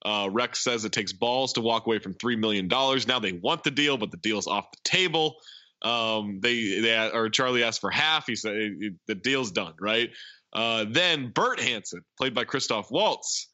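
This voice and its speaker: A man casually recapping a comedy film with a co-host, retelling scenes with lots of fillers and quick impressions. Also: fairly low pitch, no echo, muffled recording. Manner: animated retelling, frequent laughs and filler words. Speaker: podcast co-host. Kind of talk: casual movie recap chat.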